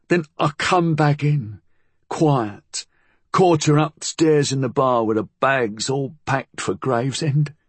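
A man voicing a big, brooding working-class tavern keeper who talks in a rough dialect. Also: on the high side, no room sound, voice pushed up.

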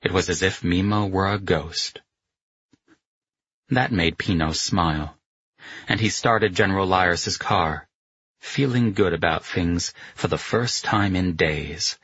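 Male audiobook narrator, steady and measured, deep and husky. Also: dry recording, lo-fi sound.

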